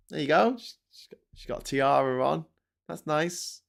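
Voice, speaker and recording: A man's voice: medium pitch, brisk, gravelly. Blunt, sweary male host. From Britain. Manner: sweary, blunt, sarcastic, with many fillers and restarts. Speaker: host of a daily political news show. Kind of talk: casual ranting commentary.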